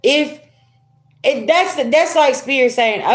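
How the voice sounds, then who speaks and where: This middle-aged woman's voice sits high, and she talks slowly with long pauses. She's doing a casual tarot reading on a livestream, chatting and laughing with viewers she calls y'all.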